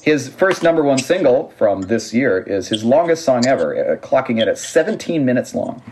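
A man's voice: mid-range voice, very animated, normal speed, darkish tone, a little hiss or hum. Rambling, laughing male podcast co-host. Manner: rambling, self-correcting, laughs often. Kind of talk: casual music chat.

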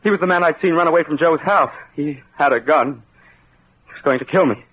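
An actor in a 1940s radio drama playing a prim wealthy husband who talks in a hesitant, defensive way. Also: male voice, a little high, brisk, a bit bright, breathy edge, dry recording. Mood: nervous. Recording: muffled old radio recording.

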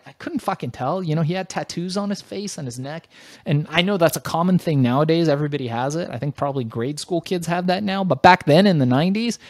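A middle-aged man, a guest on an interview show, telling his story in a casual, animated, emphatic way and swearing freely. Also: fairly high pitch, no echo, studio quality.

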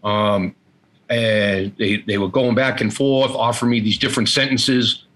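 A middle-aged man as an interview guest, candidly telling a personal story in a halting way, often repeating words and quoting family members. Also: lowish voice, fairly even intonation, a bit bright, rough recording.

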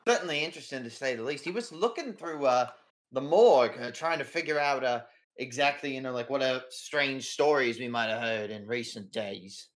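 A man voicing a gruff, cigar-chomping newspaper editor who is blustery and excitable. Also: mid-range voice, normal speed, natural voice. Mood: eager.

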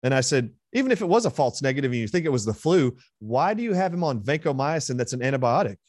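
A man's voice: mid-range voice, sing-song, quick pace, darkish tone, no echo, clean studio sound. A man being interviewed as a guest, retelling a heated exchange with force and emphasis. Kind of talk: interview storytelling.

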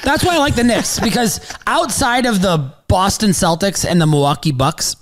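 A man's voice: sits high, moderate pace. A man co-hosting a sports betting podcast, talking in a brash, profane, hyped-up way. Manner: brash, profane, hype-driven. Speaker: podcast co-host. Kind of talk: casual sports betting chat.

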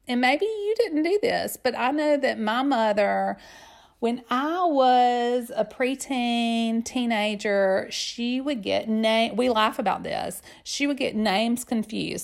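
A woman's voice: on the high side, creaky. A woman, hosting a podcast and chatting casually through listener mail, laughing often and repeating herself for emphasis. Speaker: podcast host.

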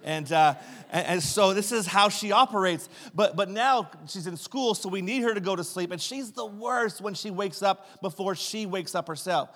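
A pastor telling funny family stories in a sermon, recorded in a church sanctuary. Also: male voice, high voice, normal speed, a bit bright. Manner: humorous anecdotal storytelling.

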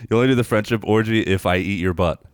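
A man's voice: on the low side, quick pace, smooth, no room sound. A man co-hosting a horror movie podcast, bantering and teasing in casual chat. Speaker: podcast co-host.

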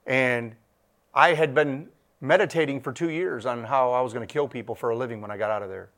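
A man's voice: medium pitch, fairly quick, a bit bright. A middle-aged man giving a testimony at church in a sermon style, emphatic, repeating himself, his voice swelling and dropping.

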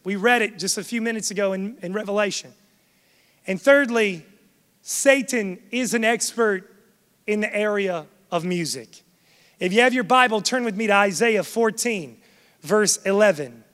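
A man's voice: high voice, moderate pace, fairly bright tone. A man preaching a sermon to a congregation, emphatic and swelling in force. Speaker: pastor. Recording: long hall reverb.

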